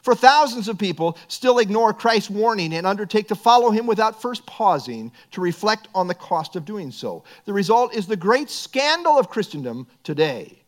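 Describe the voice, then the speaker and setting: A man's voice: high-pitched, very animated, moderate pace, few pauses. A middle-aged man preaching a sermon as pastor, earnest and building to emphatic bursts.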